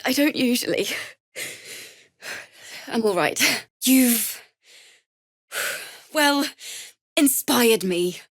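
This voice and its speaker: A woman's voice: on the high side, lively intonation, very slow, long pauses, no room sound, studio quality, exaggerated voice. A woman voicing a young bard in a video game, earnest and grieving, who swings from shy apologies to sudden anger. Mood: earnest, apologetic. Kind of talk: video game character dialogue.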